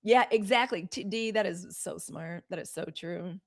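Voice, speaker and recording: A woman's voice: on the low side, moderate pace, gravelly. A woman, hosting a live news show in a dramatic, testifying way. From Mississippi, US. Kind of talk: casual livestream chat.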